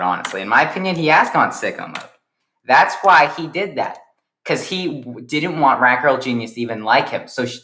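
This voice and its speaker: A man's voice: medium pitch, sharp tone, roomy sound. Rambling young man retelling a story. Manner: rambling, eager, explains with restarts. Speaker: storyteller, series creator.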